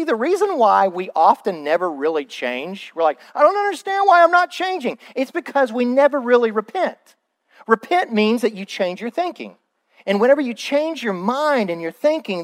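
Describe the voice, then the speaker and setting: A male pastor preaching a sermon in a church, acting out quoted excuses in a raised voice. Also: high voice.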